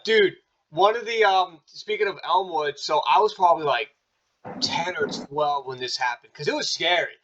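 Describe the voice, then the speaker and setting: A man's voice: fairly high pitch, moderate pace, fairly bright tone. A man hosting a casual interview chat, easygoing, asking questions and telling his own stories. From Staten Island, New York. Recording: dull lo-fi sound.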